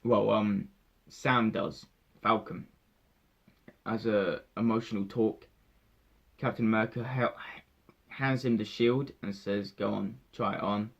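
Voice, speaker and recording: A young man, giving an emotional, halting spoiler review of a film that often repeats itself. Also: on the low side, steady tone, gravelly, slightly rough. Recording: dull lo-fi sound.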